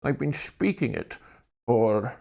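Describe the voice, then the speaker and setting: A twenty-something Australian man live-streams while working on a jigsaw puzzle, rambling, cracking self-deprecating jokes and swearing casually. His mid-range voice is very animated yet slow, warm in tone with vocal fry.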